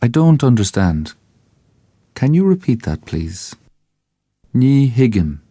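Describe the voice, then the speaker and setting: A man with an Irish accent narrating a scripted language lesson, saying each phrase slowly and carefully so listeners can repeat it. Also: medium pitch, big pitch swings, mellow, slightly rough, no echo, clean studio sound. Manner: slow, careful enunciation for repetition. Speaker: language teacher.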